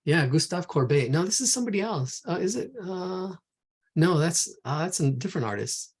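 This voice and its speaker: Male art teacher, rough husky voice, rambles aloud while drawing. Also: a little high, expressive, moderate pace. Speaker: art instructor. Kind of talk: live drawing lesson.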